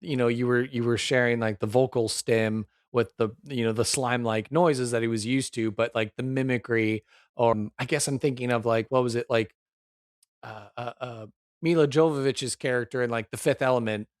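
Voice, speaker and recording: A man's voice: mid-range voice, steady tone, moderate pace, no echo, clean studio sound. A man running a tabletop game, chatting casually and rambling with many fillers as he brainstorms a character. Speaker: game master.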